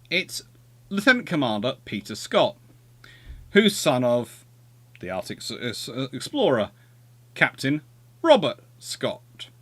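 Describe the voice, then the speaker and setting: A man hosting an unscripted livestream history talk, ranting in animated bursts with exasperated asides and answering viewers. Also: mid-range voice, no room sound. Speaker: history show host.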